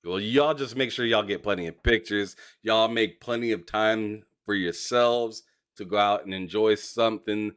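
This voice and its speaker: A man's voice: lowish voice, moderate pace, fairly bright tone, smooth. A man hosting a casual gaming interview, encouraging and given to repeating words as he talks. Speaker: host.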